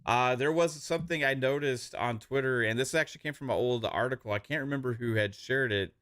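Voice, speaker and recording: A man with an average-pitched but bright, sharp-edged voice talks on a casual gaming podcast. He hesitates often and keeps restarting his sentences with uhs. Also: fairly quick. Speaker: podcast co-host.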